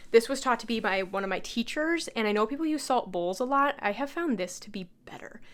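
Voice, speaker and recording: A woman's voice: medium pitch, fairly bright tone, clear, resonant tone. A young woman chatting enthusiastically in a casual vlog, showing off her tarot altar with many fillers and self-corrections. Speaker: tarot reader and channel host. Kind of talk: casual show-and-tell vlog.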